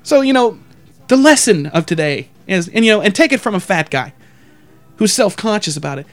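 A man's voice: high-pitched, lively intonation, a little fast, no echo, soft background music. A man hosting a podcast, telling crude comedic stories in a rambling, profane way and acting out other people's lines. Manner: profane, rambling, acts out quotes in exaggerated voices. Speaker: podcast host.

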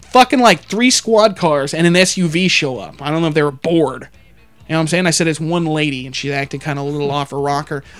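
A man in casual chat who tells profane, animated stories and acts out the people in them. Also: fairly high pitch, brisk, soft background music.

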